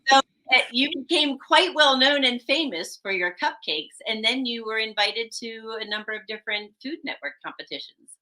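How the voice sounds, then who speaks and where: A woman's voice: fairly high pitch, lively intonation, normal speed, sharp tone, low-quality recording. A woman hosting an interview, encouraging her guest and laughing along with her. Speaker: interview host.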